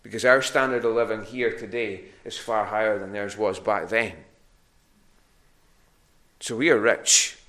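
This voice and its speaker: A man's voice: on the low side, fairly even intonation, measured pace, pauses often, a bit bright. A man preaching a sermon to a congregation in a church hall. He speaks conversationally and often repeats words while he searches for the next one.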